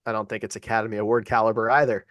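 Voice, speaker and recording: A man's voice: fairly low pitch, little pitch movement, very fast, fairly bright tone, dry recording. Man, podcast co-host: easygoing, agreeable, chatty, dry close-miked sound. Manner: agreeable, chatty, trivia-sharing. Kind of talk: casual chat.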